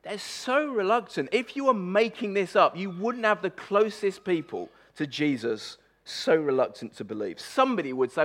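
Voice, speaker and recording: A male preacher giving a conversational sermon with a fairly high voice. He speaks emphatically and with lively energy, and he often stumbles and repeats words mid-thought. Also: normal speed, hardly any pauses. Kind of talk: conversational sermon on a Bible passage.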